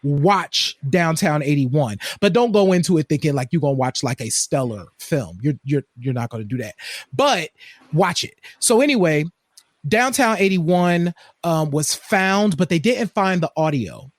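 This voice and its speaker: A man's voice: on the high side, sing-song, measured pace, no echo, studio quality. A man co-hosting a podcast, talking in a chatty, digressive way. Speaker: podcast co-host. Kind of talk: casual chat.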